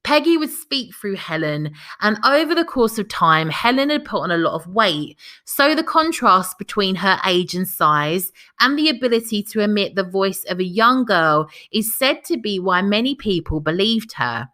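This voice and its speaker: Woman, podcast host, scripted narration, chatty asides, bright voice. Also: medium pitch, very animated, moderate pace, few pauses. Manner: chatty, breaks off for personal comments.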